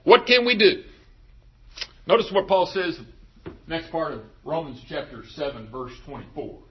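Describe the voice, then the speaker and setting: A pastor preaching a sermon, emphatic and asking the congregation rhetorical questions. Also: male voice, fairly high pitch, very animated, moderate pace, pauses often, breathy edge, dull audio.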